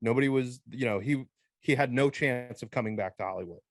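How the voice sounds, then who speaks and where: A man's voice: mid-range voice, fairly quick, no room sound. A man chatting casually and reflectively as a podcast co-host. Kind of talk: casual chat.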